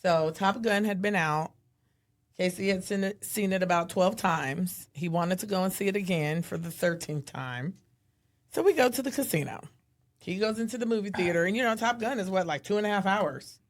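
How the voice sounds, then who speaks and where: A woman in her thirties co-hosts a casual podcast, telling stories with lots of animation. She jumps into a higher voice to act out what people said. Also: normal speed. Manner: animated storyteller, acts out quotes in a high voice. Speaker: podcast co-host. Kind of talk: casual chat.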